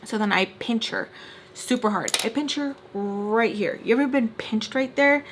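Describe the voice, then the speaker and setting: A young woman casually telling a story while doing her makeup, animated and full of fillers. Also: fairly high pitch, measured pace, noisy background. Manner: animated, filler-heavy retelling with quoted voices. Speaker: storytime vlogger.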